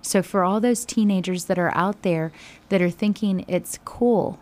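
A woman teaching a Bible study, retelling scripture in conversation with sudden animated bursts. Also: mid-range voice, moderate pace.

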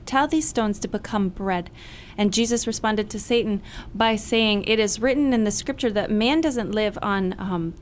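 A woman with a Canadian accent, a Bible study participant, retelling a scripture passage in her own words, steady and earnest. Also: medium pitch, a little hiss or hum.

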